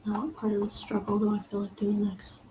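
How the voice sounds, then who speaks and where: A woman as a guest in a casual chat, teasing in a dry, deadpan way. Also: medium pitch, brisk, slight background noise, low-quality recording.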